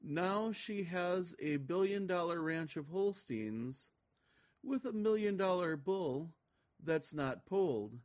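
A man singing a comic novelty song on a quiet home recording. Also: high-pitched, lively intonation, slow pace. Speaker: listener contributor.

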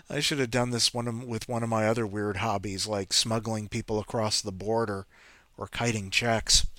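Joking bright-voiced male host. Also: fairly low pitch, fairly even intonation, moderate pace, no room sound. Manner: self-mocking, jokey asides. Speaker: podcast host introducing stories. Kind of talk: rambling casual chat.

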